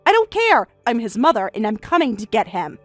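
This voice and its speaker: A woman voicing a frantic, defensive middle-aged mother who talks in a shrill, insistent, raised voice over faint music. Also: animated, fairly quick, natural voice.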